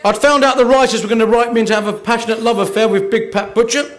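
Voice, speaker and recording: A man's voice: extremely high pitch, fairly even intonation, fast. A man from Kent doing a cheeky, self-mocking stand-up routine at an awards dinner in a hotel function room. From Kent, England. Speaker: after-dinner comedian.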